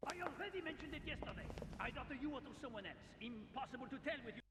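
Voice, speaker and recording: A man's voice: very high-pitched, animated, racing. An actor playing a cranky, demanding nobleman who talks in an impatient, complaining, bossy way to a servant. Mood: irritable. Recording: distant, echoey, noisy game audio.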